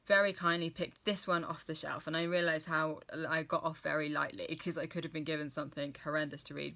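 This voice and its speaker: Young woman, book vlogger, casual and gushing, bright edge, lowish voice. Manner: chatty, enthusiastic, self-correcting. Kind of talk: casual book review chat.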